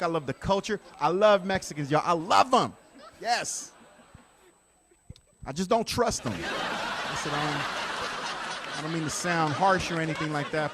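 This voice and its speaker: A man doing a conversational stand-up routine with deadpan asides to the audience. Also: a little high. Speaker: stand-up comedian.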